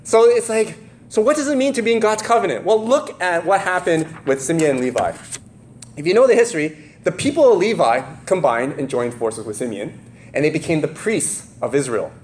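Guy preaching, chatty and animated, voice jumps all over, bit of faint background hum. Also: a little high, fairly quick. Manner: animated, voices the characters in the story; casual, many fillers and laughs. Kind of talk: sermon.

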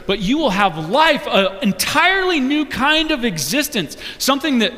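A man's voice: extremely high pitch, pushed and bright. A young man preaching a sermon, earnestly asking the congregation question after question. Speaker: pastor. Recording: long hall reverb.

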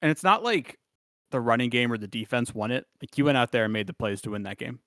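A man co-hosting a sports podcast, chatting casually and telling stories with lively energy and frequent laughs. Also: medium pitch, fast talker, no echo, clean studio sound. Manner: animated storytelling, laughs often. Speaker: podcast co-host.

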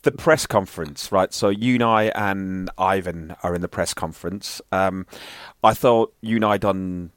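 Man, low-ish voice, casual football podcast, rambling, halting restarts, dry recording. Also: smooth, dry recording. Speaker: podcast co-host.

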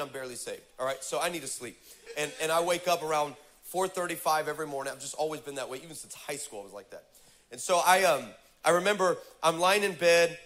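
A male pastor preaching a sermon, telling a funny story with lively, humorous delivery and building to fervent exhortation. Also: fairly high pitch.

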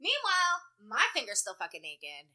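High, bright, foul-mouthed young woman. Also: normal speed. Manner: blunt, profane, animated storytelling. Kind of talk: casual chat.

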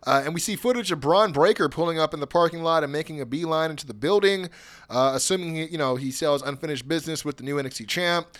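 A man recapping wrestling in casual podcast chat, animated, laughing often and mimicking wrestlers' promos. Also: a little high, fast. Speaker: podcast co-host.

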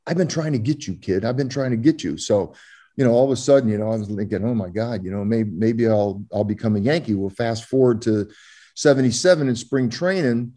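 Older guy from florida telling old ballgame stories, kinda dark warm tone, lots of ums and restarts. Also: medium pitch, fairly quick. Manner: rambling, full of fillers and restarts. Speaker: guest, former ballplayer. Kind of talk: storytelling interview.

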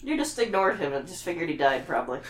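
A woman's voice: deep voice, sing-song, fast talker, distant mic. A woman co-hosting a podcast who interjects with sarcastic, laughing comments. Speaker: podcast co-host. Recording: echoey room, off-mic.

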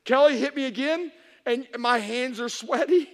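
A pastor with a high-pitched, bright, sharp voice tells humorous sermon stories to an audience in a reverberant church hall. Speaking fairly quickly and with great animation, he drops to a hush and then rises to shouts.

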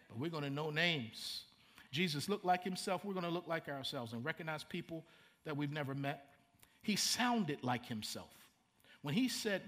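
A man's voice: fairly high pitch, fairly bright tone. A middle-aged man, preaching a sermon in a conversational way, repeating words and making asides to the congregation. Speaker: pastor.

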